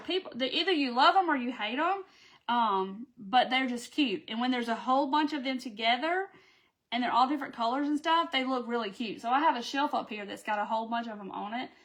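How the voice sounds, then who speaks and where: A woman's voice: a little high, fairly bright tone. A woman, chatting casually with live viewers about her clay crafts and answering their comments. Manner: chatty, folksy, says "y'all", reads out viewer comments. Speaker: craft live-stream host.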